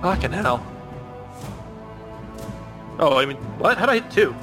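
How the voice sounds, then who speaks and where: A man playing a tabletop game, talking casually and haltingly, with free swearing. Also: fairly high pitch, very animated, over music. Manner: halting, chatty, swears freely. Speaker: player.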